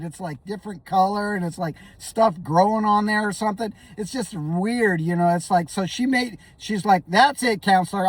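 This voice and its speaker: A man's voice: high-pitched, no echo, distant mic. Rattled man rambling through a story, coughing. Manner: rambling, stammering, clears throat and coughs often. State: shaky and rattled. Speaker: comedic vlogger.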